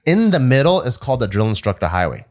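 A man's voice: mid-range voice, fast. A young man telling a story in casual conversation, swearing freely and acting out the voices of the people he quotes. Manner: profane, animated, acts out quoted voices. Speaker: podcast guest.

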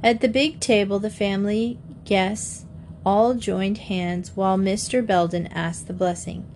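A woman narrating a children's mystery audiobook in a measured, gentle storytelling voice. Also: medium pitch, steady tone, slight background noise.

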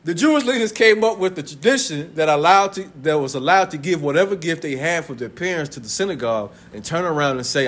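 Animated, high-pitched preaching man. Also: brisk, slight background noise. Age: 30s. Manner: conversational preaching with laughter and acted family voices. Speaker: pastor. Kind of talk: sermon. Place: church sanctuary.

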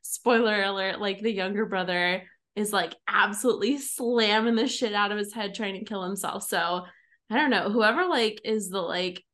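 Casually chatting with friends on her podcast, a young woman speaks at a moderate pace in a mid-range, fairly bright voice. Her manner is giggly and talkative, with frequent laughter and many "like"s.

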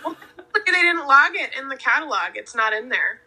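Young woman, boat crew, casual storyteller; gravelly fry in a bright voice, easy "like"-filled telling. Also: high voice, moderate pace, poor audio. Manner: relaxed anecdote-telling with "like" fillers. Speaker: whale-watching boat crew.

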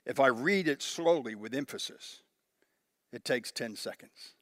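A male pastor preaching a sermon, emphatic and animated as he reads scripture aloud with dramatic emphasis. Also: mid-range voice, unhurried, no echo, studio quality.

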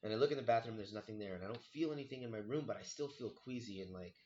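A young man telling a story in casual chat, animated and profane, full of "like" and "dude". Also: on the low side, very fast, muffled recording. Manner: animated, swearing, heavy on 'like' and 'dude'.

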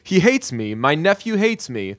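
Man putting on a fussy anxious young woman, high-pitched, close and dry. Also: big pitch swings, moderate pace, no echo. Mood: fretful.

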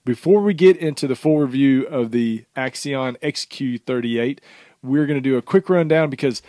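A man co-hosts a gear review show in a casual, talkative way, teasing his partner and running through product specs. His middle-pitched voice sits close to the microphone with a dry, dead sound and no room around it. The delivery is loose and conversational. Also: moderate pace, dark tone, no echo. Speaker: show co-host and executive producer. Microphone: close desk microphone.

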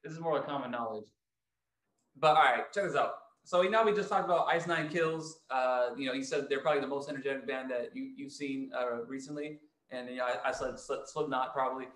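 A man's voice: medium pitch, fairly even intonation, brisk, few pauses, fairly bright tone, roomy sound. A man casually telling a long, rambling band story, often acting out what people said. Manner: rambling storyteller, lots of restarts, acts out quotes. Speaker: band frontman and podcast host. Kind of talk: casual chat.

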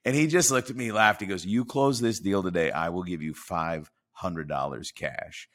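A man's voice: deep voice, normal speed, a bit bright. A man in his forties, a podcast guest, telling a career story and acting out the dialogue with animation.

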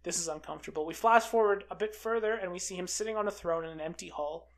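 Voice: mid-range voice, fast. Rambling, chatty film recapper. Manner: quotes characters in a flat offhand voice. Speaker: film reviewer. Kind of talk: casual movie recap.

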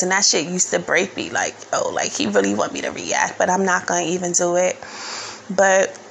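A woman talks straight to camera in a casual storytime vlog. Her voice carries a gravelly fry, and faint noise sits under it. She rambles candidly, leaning on fillers and swearing freely. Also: medium pitch, a bit bright, low-quality recording.

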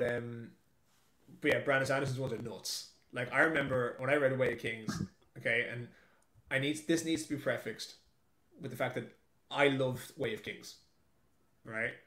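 A man's voice: medium pitch, fairly bright tone. Chatty man, roomy echo. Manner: chatty, emphatic, laughs often. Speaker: author guest. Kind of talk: casual interview chat. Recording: echoey room.

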